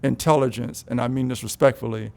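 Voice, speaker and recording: Man, gravelly voice, co-host, frank and opinionated. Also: medium pitch, fairly even intonation, a little fast, a little mellow. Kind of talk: casual chat.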